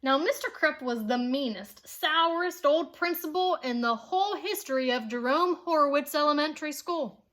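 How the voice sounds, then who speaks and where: A woman reading a children's chapter book aloud, with expressive, playful storytelling and asides to her listeners. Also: sits high, moderate pace, hardly any pauses.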